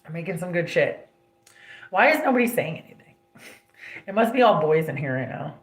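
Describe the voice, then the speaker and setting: A woman's voice: fairly low pitch, very animated, moderate pace, echoey room. A young woman hosting a casual livestream, telling family stories bluntly, with heavy swearing and many "like" fillers. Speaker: livestream host.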